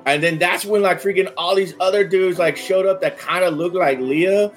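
A man recapping a tabletop game session in slangy bro-speak, swearing constantly and filling every pause with "like". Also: high voice, fairly even intonation, soft background music. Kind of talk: casual in-character session recap.

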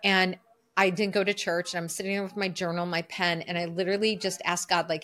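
A middle-aged woman, a coach, telling a personal story as a podcast guest in an earnest, lively way. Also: lowish voice, a little fast. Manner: lively, earnest storyteller who acts out her own inner voice.

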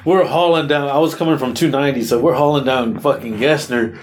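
A man's voice: medium pitch, fairly even intonation, a little fast, slight background noise. A man, co-hosting a podcast and telling a long story in casual chat, acting out his own reactions and swearing freely. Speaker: podcast co-host.

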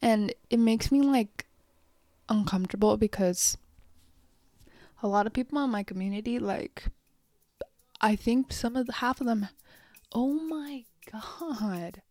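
A woman's voice: fairly high pitch, normal speed, pauses often, darkish tone, no echo. A teenage girl telling a personal story, rambling with many fillers and drifting into whispery asides. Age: teens. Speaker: vlogger.

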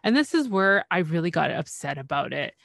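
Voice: mid-range voice, very animated, brisk, vocal fry, fairly bright tone, dry recording, studio quality. A podcast co-host casually retelling a TV episode, sighing and acting out the characters' lines along the way. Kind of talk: casual chat.

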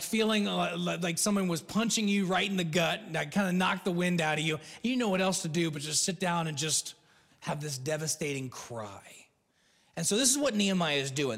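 A man's voice: sits high, a bit bright. A man from the United States preaching a sermon in a conversational way, acting out the lines he quotes and often restarting his sentences. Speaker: pastor. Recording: long hall reverb.

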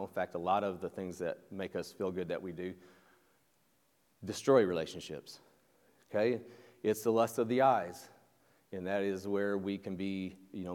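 Guy preaching, lowish voice, chatty w lots of restarts, echoey big hall. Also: a little mellow. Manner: conversational, with repeated restarts and direct questions to the listeners. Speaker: pastor. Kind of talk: sermon. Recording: long echo of a large hall.

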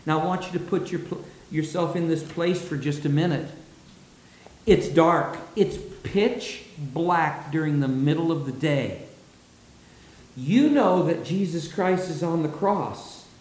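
A man preaching a sermon, dramatic, dropping low and soft when he quotes. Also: unhurried. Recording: roomy echo.

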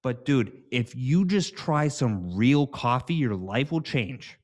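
A man's voice: medium pitch, lively intonation, slow pace. A man hosting a podcast, reading sponsor spots in a loose, giggly, rambling way. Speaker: podcast host. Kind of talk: casual sponsor read.

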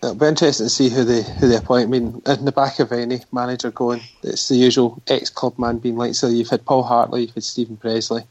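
A man's voice: medium pitch, flat delivery, fast, few pauses, darkish tone, muffled recording. A Scottish man in casual football chat, easygoing and rambling, often laughing.

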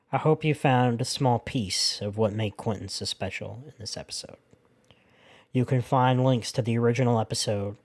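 A man hosting a podcast, reading his narration in a sincere, measured way. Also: lowish voice, husky. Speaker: podcast host.

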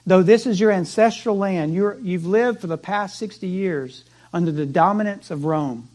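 A man delivers a sermon as a pastor, his voice sitting fairly high for a man. He tells the story with drama, leaning into vivid scenes and then softening into hushed, prayerful passages. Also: normal speed.

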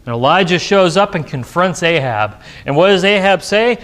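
A man's voice: high-pitched, expressive, moderate pace, a bit bright. A pastor in a church sanctuary reading scripture aloud and then explaining it with emphasis in his sermon.

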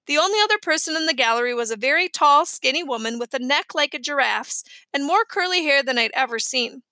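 Casting: woman narrator for a children's audiobook, high and bright, close dry mic. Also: lively intonation, a little fast, no room sound. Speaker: audiobook reader.

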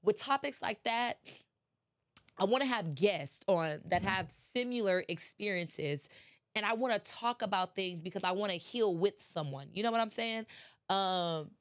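Her voice is medium-pitched and expressive, moving at a measured pace as she delivers a casual motivational podcast talk. She is chatty, stuffed up from allergies and sounding congested and nasal, and she rises at times into impassioned preaching.

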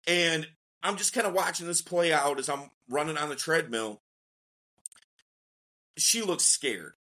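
A man, a dating coach on a podcast, telling a story in a casual, slangy way and acting out the quotes with lively energy. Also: fairly high pitch, a little slow. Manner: animated, slangy storyteller who acts out quotes.

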